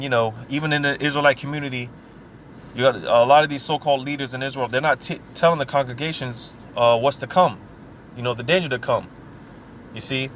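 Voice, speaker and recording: A man preaching informally, reading scripture aloud slowly and talking casually, often saying "man" and "you know" between thoughts. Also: mid-range voice, fairly bright tone, a little hiss or hum. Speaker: scripture teacher.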